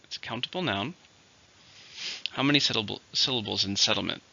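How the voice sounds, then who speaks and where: A man's voice: lowish voice, a little fast, gravelly, sharp tone. A man teaching English vocabulary, explaining words with some hesitation and example sentences. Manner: hesitant, with fillers and small restarts. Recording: muffled lo-fi recording.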